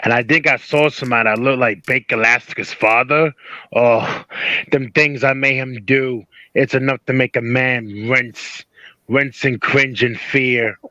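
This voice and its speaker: A man's voice: medium pitch, steady tone, measured pace, pushed and bright. A man prank-calling a live stream, putting on the rambling, crude voice of a famous boxer. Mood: boastful. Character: caller claiming to be boxer, gruff and crude. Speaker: prank caller. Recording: lo-fi call audio.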